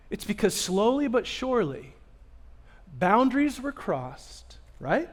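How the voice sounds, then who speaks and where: A male pastor preaching a sermon, telling stories with animation and swinging from loud bursts to hushed asides. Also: very high voice, big pitch swings, measured pace. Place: church sanctuary.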